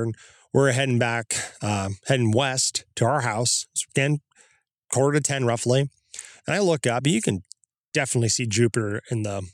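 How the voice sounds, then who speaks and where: A man's voice: dry recording, studio quality. A man casually telling a first-hand story as a guest, recorded outdoors in the woods, acting out his own quoted reactions. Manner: animated, acts out his own quoted reactions with rising pitch.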